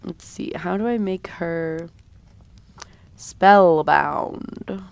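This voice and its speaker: A woman livestreams herself drawing and chats with her viewers at an unhurried, slow pace. Her voice sounds a little sick, yet it stays smooth and clean. The recording is dry and close, with no room sound. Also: lowish voice, no room sound. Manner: chatty, talks while drawing, reads and answers chat. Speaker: streamer. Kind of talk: casual drawing livestream chat.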